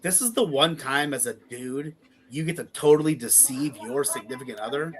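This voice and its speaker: A man's voice: medium pitch, normal speed, noisy background. A man co-hosting a podcast, telling a long story in casual chat, swearing freely and acting out the quotes. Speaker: podcast co-host.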